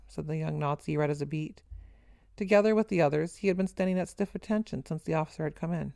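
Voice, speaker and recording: A woman narrating a first-person story in a steady, earnest reading voice. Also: deep voice, fairly quick, vocal fry, no echo.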